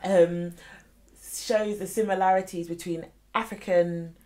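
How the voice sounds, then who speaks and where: Lady cohost, lowish voice, reads stuff out and chats, bit animated. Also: unhurried. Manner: reads definitions aloud, lively asides. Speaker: podcast co-host. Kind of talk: casual chat.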